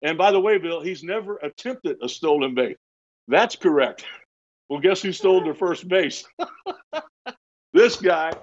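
A man in his sixties, a retired pitcher, telling lively stories in an interview, often laughing and restarting his words. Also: a little slow, long pauses. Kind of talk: storytelling in casual interview. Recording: dull lo-fi sound.

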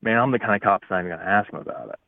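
Fast-talking cop on a phone line. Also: male voice, fairly low pitch, lively intonation, creaky, no echo. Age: 30s. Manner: fast, easygoing, full of restarts. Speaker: police officer, call-in guest. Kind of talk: casual radio chat.

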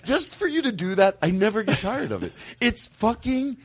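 Male comedy podcast host, giggly, lively swinging pitch. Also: moderate pace, a crowd in the background. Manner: giggly, excitable, swings loud and quiet. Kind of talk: loose comedic banter.

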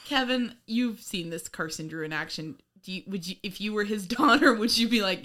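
Woman, podcast co-host, casual chat, lively and laughing, bright tone. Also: mid-range voice, moderate pace, few pauses. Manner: animated, laughing, sweary, acts out lines.

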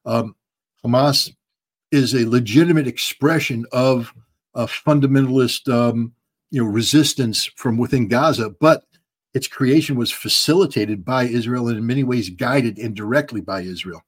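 A man in a mid-pitched voice gives blunt answers in an interview. He keeps doubling up words and dropping in "um"s while he hunts for the next phrase. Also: moderate pace. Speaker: guest commentator.

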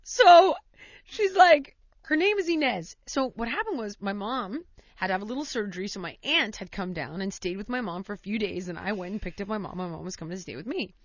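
A woman's voice: medium pitch, lively intonation, fast talker, a bit bright, dry recording, highs cut off. A woman hosting a talk show, telling a story in a casual, rambling way full of "like" and "you know", laughing as she goes.

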